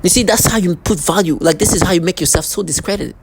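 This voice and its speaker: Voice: medium pitch, fast talker, vocal fry, slight background noise, low-quality recording. A vlogger in an angry, threatening monologue who often repeats and restarts words.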